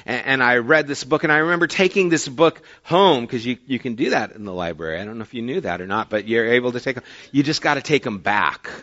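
A male pastor preaching in a storytelling way, his voice rising loud and emphatic, then dropping quiet and low. His tone is bright and forward, at a mid pitch. The recording sounds dull and lo-fi. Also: expressive, fast talker. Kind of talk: sermon.

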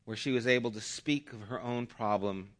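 A man preaching a sermon, telling a parable earnestly with shifting loudness. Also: medium pitch, fairly even intonation, normal speed. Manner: earnest, dynamic, varied loudness. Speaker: pastor. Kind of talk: sermon with storytelling.

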